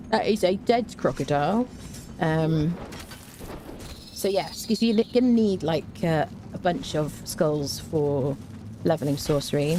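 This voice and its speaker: Low mellow gamer girl streaming, super animated, chats with chat, hums along. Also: slow, a little hiss or hum. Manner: chatty, addresses chat, hums to herself. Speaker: game streamer. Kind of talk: live gameplay commentary.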